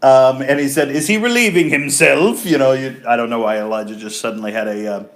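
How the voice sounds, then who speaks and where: A man's voice: medium pitch, completely flat delivery, quick pace, darkish tone. Man, middle-aged, mid-range voice, earnest devotional co-host, small restarts. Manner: earnest, talks about faith with many small restarts. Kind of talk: casual devotional chat.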